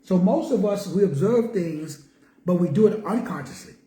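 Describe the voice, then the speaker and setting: A man's voice: sits high, animated, moderate pace, dark tone. Emphatic man teaching in an echoey room. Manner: repetitive, emphatic questioning. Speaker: spiritual teacher. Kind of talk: teaching talk. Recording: roomy echo.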